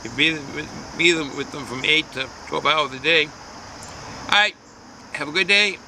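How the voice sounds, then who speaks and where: A man's voice: on the high side, a little slow, bright, forceful tone, a little hiss or hum, rough recording. A man giving a casual, folksy beer review outdoors, rambling with lots of hesitations.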